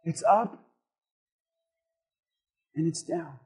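A man preaching a sermon, impassioned and emphatic, moving between quiet asides and shouted lines and firing rhetorical questions at his congregation. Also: fairly high pitch, drawn-out words, slightly rough.

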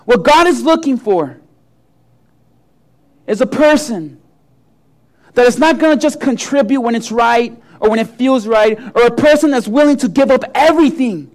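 A man's voice: very high voice, expressive, moderate pace, long pauses, a little mellow. A man preaching a sermon, telling a story and acting out the voices in it. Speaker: pastor.

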